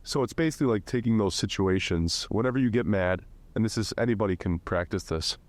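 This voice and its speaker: Male host, lowish voice, tentative, hedging, casual chat. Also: quick pace, no room sound. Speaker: podcast host.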